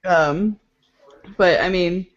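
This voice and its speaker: A woman's voice: fairly low pitch, drawn-out words. A woman co-hosting a podcast, giggly and playful in casual chat. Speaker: podcast co-host. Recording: dull lo-fi podcast audio.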